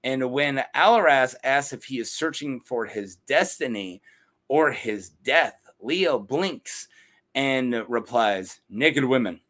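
A man casually retelling fantasy lore as a channel host, jokey and animated, laughing at his own asides. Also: mid-range voice, slow pace.

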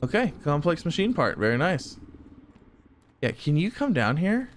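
A young man giving excitable let's-play commentary, chuckling and talking to the enemies he fights. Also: on the high side, normal speed. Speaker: gaming YouTuber.

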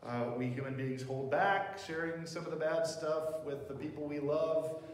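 In a church sanctuary, a pastor with a fairly high voice delivers a conversational sermon at normal speed, his intonation fairly even. He keeps posing questions to the congregation, and the distant microphone catches the hall's roomy reverb.

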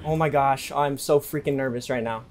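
A young man giving excitable live commentary over his own video game match, repeating himself under pressure. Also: mid-range voice, normal speed, slight background noise. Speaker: gaming youtuber.

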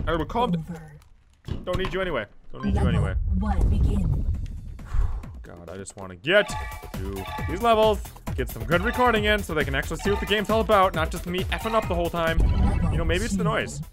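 Excitable let's play host yelling at the game, voice all over the place, talking to themself, game music going behind. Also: mid-range voice, quick pace. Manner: excitable, yelps and swears at the game; talks to self and the mic, repeats words. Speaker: gaming channel host.

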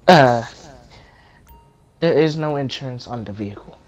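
A man's voice: mid-range voice, a little slow, dull audio. A man playing a dispatcher in a game role-play over voice chat, giving clipped radio-style reports and laughing often.

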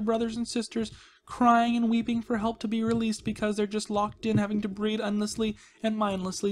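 Fast-talking and a little monotone, this gaming video host has a high-pitched voice. In his casual Minecraft let's-play, he's playful and full of jokey asides, speaking baby-talk to the villagers, with faint background noise in the recording.

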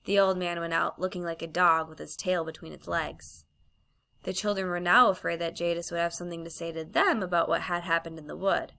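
A woman reading a children's fantasy novel aloud as an audiobook narrator, measured and expressive. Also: on the low side, vocal fry. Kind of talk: storybook narration.

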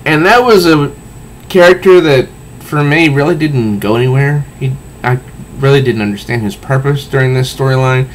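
A man's voice: mid-range voice, moderate pace, a little hiss or hum. A man giving a casual comic book review, recounting panels aloud with sound effects and frequent restarts.

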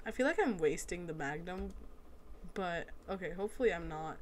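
A woman giving casual let's-play commentary as she plays a video game, excitable and quick to exclaim at the action. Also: on the low side, a little hiss or hum.

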